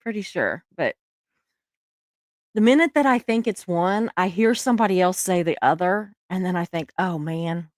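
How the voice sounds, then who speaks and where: A middle-aged woman with a Southern US accent, hosting a casual livestream chat. She talks warmly to her viewers and laughs often. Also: mid-range voice, lively intonation, no room sound. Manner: chatty, laughs often, drawn-out words. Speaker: livestream host.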